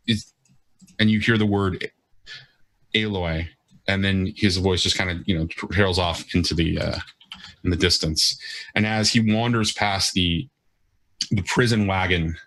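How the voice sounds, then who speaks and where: Game master, male, deep and bright, halting narration with fillers.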